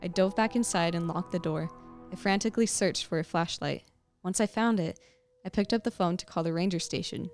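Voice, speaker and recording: Lady podcaster reading a spooky story, kinda low voice, faint music behind. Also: brisk. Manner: expressive, suspenseful storytelling. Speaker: podcast host. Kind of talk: reading a creepy story aloud.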